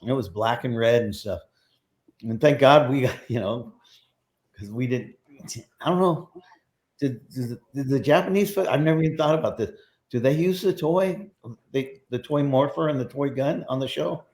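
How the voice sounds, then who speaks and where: A man's voice: mid-range voice, moderate pace, a little mellow. A middle-aged man, a prop master, rambling through casual stories in an interview and acting out the voices of people he quotes.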